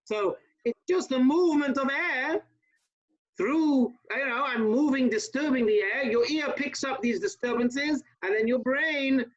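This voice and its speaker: A man, a rabbi, teaching an informal class over a video call, talking fast with chatty asides to his listeners. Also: very high voice, highs cut off.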